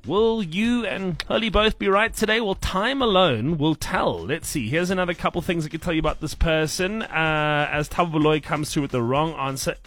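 A man hosting a breakfast radio show, running a guess-the-celebrity game in an energetic, playful, teasing way. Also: a little high, normal speed, hardly any pauses, dry recording. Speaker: radio host.

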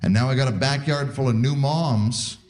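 A man in his forties from Canada, telling stand-up stories in a laid-back way with animated voiced asides. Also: mid-range voice, normal speed. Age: 40s. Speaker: stand-up comedian. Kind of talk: stand-up comedy set. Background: audience laughter.

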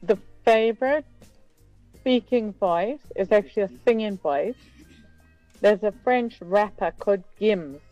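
A woman's voice: medium pitch, a little slow, no room sound, faint music behind. A woman calling in with a voice note to a radio show, gushing with enthusiasm. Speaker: caller. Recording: dull, dry voice note.

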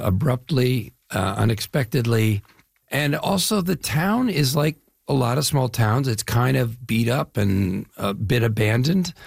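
A man's voice: medium pitch, dry recording, clean studio sound. An older man from the Chicago area, an actor guest, telling stories in a casual interview with fillers and repeats. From Chicago area, US Midwest. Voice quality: gravelly, husky. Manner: enthusiastic storytelling with fillers and repeats.

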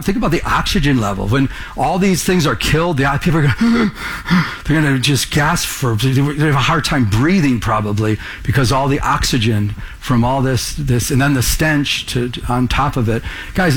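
A man's voice: medium pitch, a bit bright, husky. A man preaching a sermon to a congregation in the room, earnest, pressing them with rhetorical questions. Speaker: pastor.

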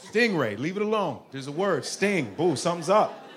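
A man from Chicago doing profane, animated stand-up comedy, telling stories. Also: on the high side, moderate pace, noisy background.

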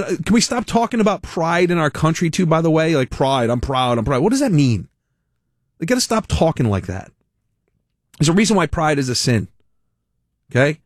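A man's voice: a little high, dry recording, clean studio sound. A man hosting a talk radio show, delivering a blunt, exasperated opinion monologue.

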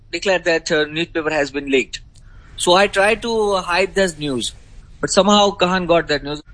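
A middle-aged man with an Indian accent, a grieving father answering interview questions in a halting way with many pauses. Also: on the high side, fairly bright tone, rough recording.

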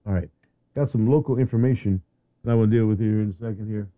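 A man's voice: on the low side, fast, dry recording, narrow, tinny audio. A man hosting a radio talk show in a studio, chatting casually and often repeating words as he goes. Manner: animated, repeats words and restarts.

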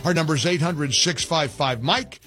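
A man's voice: a little high, moderate pace, bright, forceful tone, faint music behind. A man hosting a talk radio show, commenting emphatically and indignantly from a studio microphone. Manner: emphatic, indignant, with frequent restarts.

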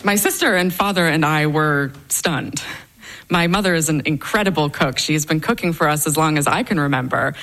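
A woman's voice: low-pitched, moderate pace, a bit bright. A young adult woman telling a personal story on stage, with a wry, dryly humorous delivery.

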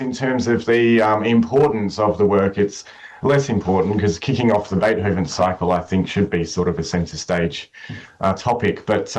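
A man in a radio interview, explaining his concert program with enthusiasm and many restarts, his voice rough from the morning. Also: lowish voice, low-quality recording. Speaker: conductor.

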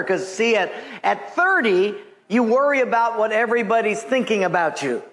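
A man's voice: high-pitched, lively intonation, moderate pace, pauses often, fairly bright tone. A man in his seventies, a pastor preaching to his congregation with folksy stories, chuckling at his own punchlines. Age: 70s. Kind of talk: sermon with jokes. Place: church sanctuary with congregation. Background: congregation laughing.

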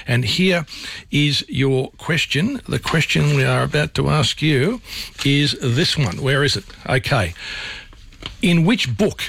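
A man's voice: a little high, fairly bright tone, no room sound. An Australian man hosting late-night talkback radio, chatty and rambling as he thinks aloud. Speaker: radio host. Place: radio studio. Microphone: studio microphone.

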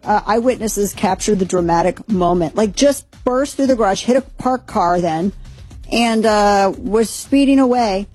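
A woman hosts a talk show, chatting her way through the day's stories with fillers and asides. Her voice is husky and mellow, sitting a little low for a woman, with faint music underneath. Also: measured pace. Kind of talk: casual news rundown.

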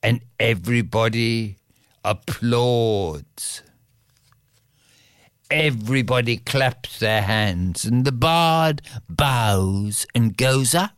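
A storyteller telling a fairy tale in an animated, expressive way, with playful repetition. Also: medium pitch, very slow, clean tone, no room sound, studio quality.

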